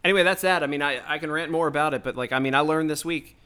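A man's voice: a little high, fast, bright, forceful tone, clean tone. A man hosting his own podcast, delivering a heated, profane, rambling political rant straight into the mic. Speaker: podcast host.

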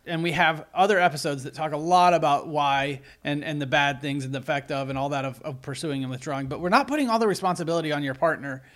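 Earnest man with a slightly high voice. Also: quick pace, hardly any pauses, a bit bright. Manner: earnest, with frequent restarts and repeated words. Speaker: podcast co-host. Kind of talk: conversational relationship advice.

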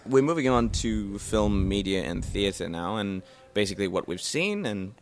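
A man's voice: fairly low pitch, expressive, normal speed, slight background noise. A man hosting a podcast live in a bookshop, joking with guests and announcing news in a chatty way. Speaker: podcast host. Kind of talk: casual chat.

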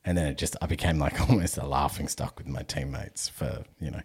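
Deep-voiced Australian man telling stories. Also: fairly even intonation, brisk, darkish tone, breathy edge. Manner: swears freely, laughs through his story. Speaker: podcast host. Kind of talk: casual storytelling chat.

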